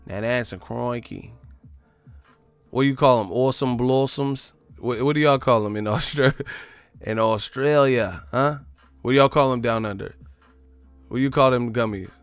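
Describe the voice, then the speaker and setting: A man's voice: medium pitch, moderate pace, clear, resonant tone, no echo, soft background music. Profane joking man on a livestream. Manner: profane, joking, laughs often. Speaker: boxing livestream host. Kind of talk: casual livestream rant.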